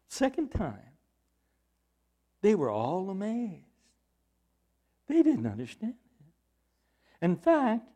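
Animated preacher man with a lively voice. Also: high voice. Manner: animated Bible exposition, rising to loud emphatic bursts. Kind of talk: sermon.

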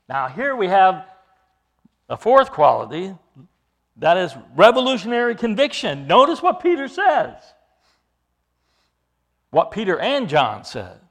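A man's voice: high-pitched, fairly bright tone. A man preaching an expository sermon, explaining scripture verse by verse with emphatic delivery.

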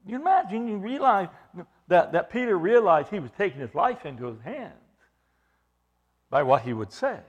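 A man's voice: high voice, sing-song, moderate pace, muffled recording. A man preaching an expository sermon, emphatic, repeating phrases for stress and putting questions to his listeners.

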